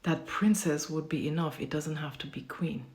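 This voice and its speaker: Low gravelly-voiced woman ranting bluntly. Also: steady tone, normal speed, a little mellow. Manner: blunt, profane, emphatic. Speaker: parent vlogger. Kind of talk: casual storytelling rant.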